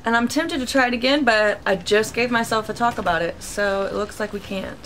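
Young woman let's-player, chatty and excitable, crisp bright voice, faint background noise. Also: a little high, fairly quick. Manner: chatty and reactive, talks to viewers, sudden yelps. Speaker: gaming YouTuber. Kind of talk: casual let's-play commentary.

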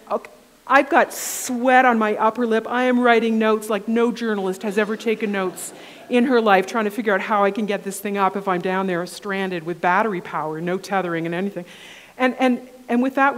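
A woman journalist giving a keynote talk, telling a lively personal story and acting out the dialogue. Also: medium pitch. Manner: animated storyteller, acts out quoted dialogue. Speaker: keynote speaker. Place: conference hall. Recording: long hall reverb.

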